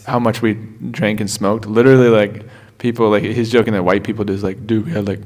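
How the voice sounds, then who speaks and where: A man in casual conversation, speaking in a relaxed way with lots of fillers. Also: on the low side, fairly quick.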